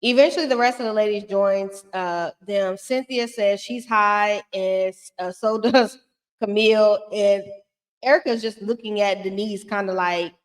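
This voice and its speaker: A sassy woman recapping a reality show in loose, casual commentary. She talks bluntly and swears freely, at a middling pitch. Her voice carries a long reverb from the room. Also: fairly even intonation, a little slow.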